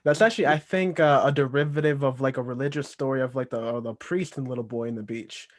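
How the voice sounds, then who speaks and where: A man's voice: medium pitch, fast talker. Effusive stumbling man hosting a podcast. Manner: effusive, stumbling, self-correcting. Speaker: podcast host. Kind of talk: casual interview chat.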